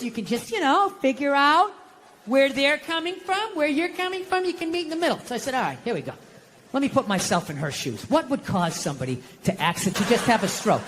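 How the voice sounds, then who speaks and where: A man's voice: extremely high pitch, noisy background. A man doing stand-up comedy with a Boston accent, ranting through a profane story on a stage mic in front of a live audience.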